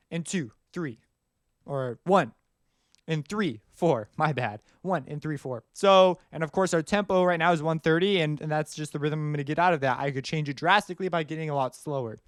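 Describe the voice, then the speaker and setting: A man's voice: on the high side, a bit bright, clean tone, no room sound. Casual man scatting beats, dry close mic. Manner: casual and rambling, scats rhythms aloud. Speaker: music production tutor. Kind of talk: screen-recorded tutorial explanation.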